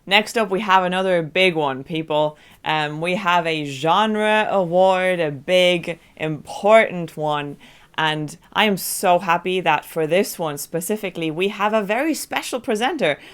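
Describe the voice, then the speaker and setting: A woman's voice: fairly low pitch, measured pace, smooth, some chatter behind. Cheery woman hosting a booktube awards, announcing stuff. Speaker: co-host. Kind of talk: casual award-show banter.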